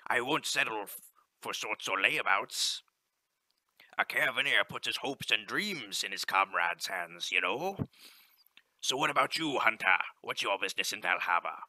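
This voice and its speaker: A cheerful pirate-style caravan leader from a video game, voiced by a man doing an amateur impression. He rolls out his lines in a gruff pirate drawl full of old-fashioned slang. The voice sits low but sounds sharp and bright, recorded close and dry. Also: expressive, normal speed, no echo, full character voice. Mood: eager, chatty. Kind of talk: amateur game voice-over reading.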